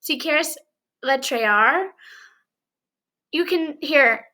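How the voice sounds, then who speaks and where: Woman, young adult phonics teacher; unhurried, clear and encouraging, mixes in some Spanish; high, bright tone. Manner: slow, clear, encouraging classroom delivery with bits of Spanish. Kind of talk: early reading lesson for young children.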